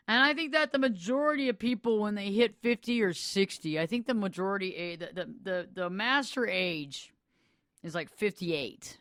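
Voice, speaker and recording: Smooth-voiced woman hosting a self-help show. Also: lowish voice, a bit bright, dry recording, studio quality. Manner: earnest, conversational, with emphatic repeats. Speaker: podcast host. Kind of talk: reflective self-help monologue.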